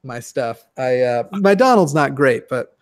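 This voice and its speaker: A man chatting casually on a video call, joking and self-deprecating, with halting restarts. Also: medium pitch, expressive.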